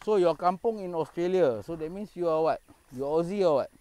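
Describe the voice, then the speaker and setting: A man's voice: fairly high pitch, animated, fast talker, mellow. A man with a Singaporean English accent talks on a casual live stream from a park at night. He jokes and banters freely, dropping Malay phrases into his easygoing chatter. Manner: jokey, banters with spirits, mixes in Malay phrases. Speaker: paranormal explorer live-streaming. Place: dark park outdoors at night.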